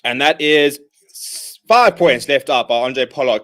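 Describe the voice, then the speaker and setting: A young man hosting a live watchalong, calling the play and reading out viewer comments, and he bursts out loud at big moments. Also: medium pitch, a little slow. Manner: excitable, shouts at big plays, reads viewer comments. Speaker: host.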